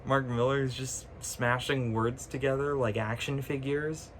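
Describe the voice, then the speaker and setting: A man's voice: mid-range voice, steady tone, measured pace, a little hiss or hum. A man talking casually to camera, ranting with sarcasm, swearing freely and laughing often mid-sentence, recorded on a phone. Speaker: vlogger. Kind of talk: casual chat.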